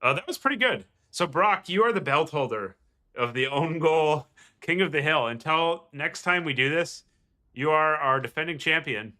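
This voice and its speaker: A man's voice: a little high, expressive, normal speed, sharp tone. A man casting a strategy game match in a casual, rambling way, with a nasal voice and lots of fillers and restarts. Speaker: game commentator. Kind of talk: casual gameplay commentary.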